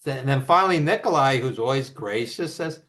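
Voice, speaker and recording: A man telling road stories as the guest of an interview, animated and quick to act out quotes. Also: medium pitch. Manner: animated anecdotes with acted quotes and laughs. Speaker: author and wrestling writer, guest. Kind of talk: casual storytelling interview.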